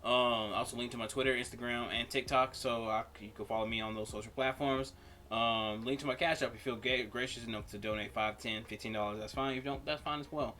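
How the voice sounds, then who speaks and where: A man hosting a reaction channel, wrapping up the video in a relaxed, rambling way with lots of fillers. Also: medium pitch, fast, slight background noise. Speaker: YouTube reaction channel host. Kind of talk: casual video outro.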